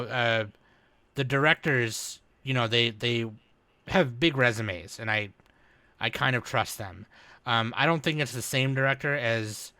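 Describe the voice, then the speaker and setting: A man's voice: mid-range voice, pushed and bright, clean tone, dry recording. A man on a podcast chatting casually about anime, rambling and swearing as he goes. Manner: rambling, profane, laughing. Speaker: podcast host. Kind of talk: casual chat.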